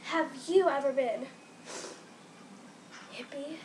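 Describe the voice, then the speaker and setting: Brief: high, unhurried young woman hamming it up as a show host. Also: background noise. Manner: goofy, mock-earnest hosting. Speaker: host of a homemade comedy show. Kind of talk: playful amateur comedy sketch. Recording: loud guitar music behind.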